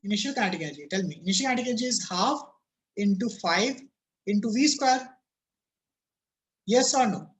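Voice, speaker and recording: A man's voice: high voice, lively intonation, brisk, long pauses. A man teaching a physics class over a video call, his voice cracking, repeatedly asking students "yes or no?" and telling them to think about it.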